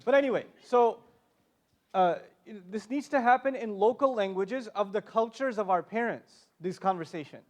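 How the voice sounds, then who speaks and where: A man's voice: high-pitched, moderate pace. A man speaking on a convention panel, giving a passionate, emphatic talk with joking asides.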